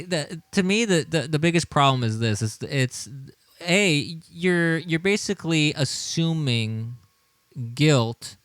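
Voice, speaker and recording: A man's voice: mid-range voice, fairly bright tone, clear, resonant tone, dry recording. A man hosting a political livestream, talking with indignation, often repeating his words and chuckling as he reads the chat. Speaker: livestream show host.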